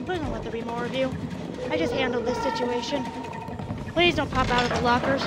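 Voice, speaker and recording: A woman's voice: a little high, a little fast, over loud music. A young woman streaming a game live, talking to the characters, getting frustrated and swearing. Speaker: gaming streamer. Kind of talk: live gameplay commentary. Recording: noisy background.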